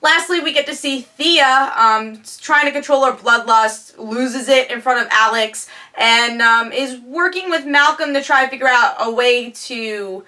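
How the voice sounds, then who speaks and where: A woman's voice: sits high, measured pace, hardly any pauses, bright, forceful tone. A woman giving a casual spoken review of a TV episode, chatty, with lots of fillers and restarts.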